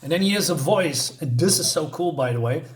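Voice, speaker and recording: A man's voice: fairly high pitch, lively intonation, a little fast. A man casually retelling a comic book story in a hesitant way, with many fillers and restarts.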